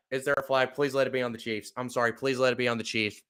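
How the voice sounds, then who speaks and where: A man giving live fan play-by-play commentary as a podcast host, swearing and apologizing between excited play calls. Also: medium pitch, fast talker, few pauses, clear, resonant tone. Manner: swearing, apologetic and upset, bursts of excitement on plays.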